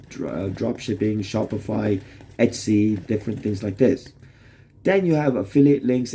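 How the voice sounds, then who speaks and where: Brief: a male vlogger, low gravelly husky voice, loose rambling delivery full of profanity and restarts. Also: dark tone. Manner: rambling, swearing, restarts often. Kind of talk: rambling casual monologue to camera. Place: Toronto area.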